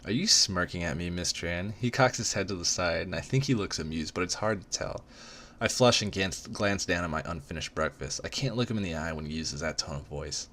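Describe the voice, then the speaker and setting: A man's voice: sits low, a little fast, a bit bright, a little hiss or hum. A man narrating a story in an amateur dramatic reading, in a casual manner, stumbling and restarting on words. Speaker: reader.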